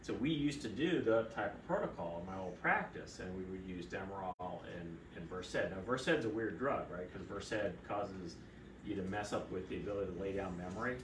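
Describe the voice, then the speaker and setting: A man, a fertility doctor, chatting casually and telling animated stories, with a distant mic in a roomy space and steady background noise. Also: deep voice, brisk. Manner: animated storyteller, acts out quoted voices. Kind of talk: casual conversational storytelling.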